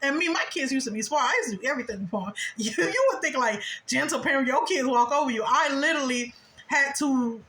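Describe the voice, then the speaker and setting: A woman in her thirties telling a long personal story in a casual, animated monologue, often breaking into high quoted voices and laughing. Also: quick pace. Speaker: spiritual vlogger. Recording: echoey room.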